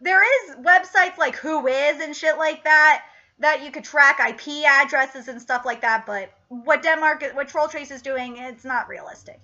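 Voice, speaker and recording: A woman reviewing a TV episode in a casual, rambling, profane way, getting excited as she goes. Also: high-pitched, a little slow, dull audio.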